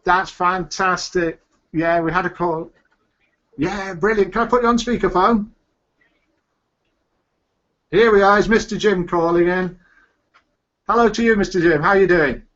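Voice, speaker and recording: A man's voice: high voice, fairly even intonation, a little slow, long pauses, fairly bright tone. Cheery man hosting a live webcast. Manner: cheery, chatty, laughs easily. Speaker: host. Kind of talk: casual live show chat. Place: home room at a computer. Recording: dull lo-fi webcast audio.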